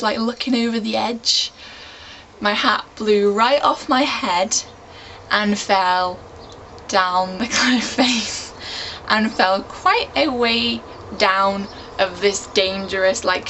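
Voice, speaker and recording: A young woman at a middle pitch, vlogging to her camera as she spins a self-mocking story. She talks in a casual, rambling way, full of asides and little jokes at her own expense, with a faint hiss under the voice. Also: sharp tone, rough recording. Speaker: vlogger, regular on a shared channel.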